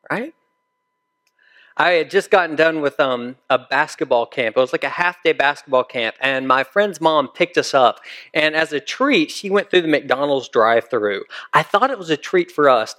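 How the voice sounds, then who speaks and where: A man's voice: fairly high pitch, a bit bright. A male pastor preaching a sermon in a conversational way, often putting questions to his listeners.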